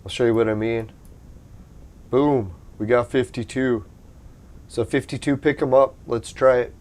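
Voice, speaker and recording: A gameplay commentator chats casually over his mobile game in a medium-pitched voice at a slightly slow pace. He sounds a little hoarse because he's losing his voice, and he reacts with excited outbursts and cursing.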